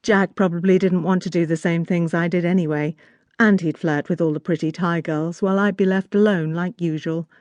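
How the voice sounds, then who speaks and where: A woman's voice: lowish voice, steady tone, brisk, darkish tone, no echo, highs cut off. A woman narrating a first-person romance audiobook in an intimate, wry storytelling manner.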